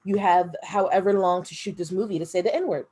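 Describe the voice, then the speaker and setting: A woman co-hosting a podcast, chatting casually with quick, teasing retorts. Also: fairly low pitch, fairly even intonation, warm tone, a little hiss or hum. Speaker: podcast co-host. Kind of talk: casual chat.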